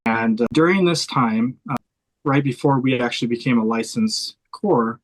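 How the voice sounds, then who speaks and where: A man's voice: mid-range voice, moderate pace, low-quality recording. A man who works as a hospice chaplain, earnestly telling a heartfelt personal story in an interview, recorded in a room of a house. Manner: earnest, heartfelt, close to tears while telling it.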